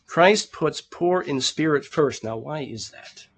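Guy preaching a sermon, kinda high voice, earnest and chatty, repeats words a lot. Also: expressive, slow, husky. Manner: earnest, conversational preaching, addressing the congregation as brethren; repeats words as he searches for them. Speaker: pastor.

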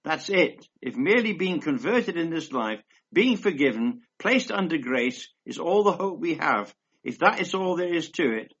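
A man's voice: fairly high pitch, big pitch swings, moderate pace, hardly any pauses, fairly bright tone, husky. A man giving a rambling, emphatic conversational sermon, reading scripture aloud between asides. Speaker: preacher. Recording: dull lo-fi recording.

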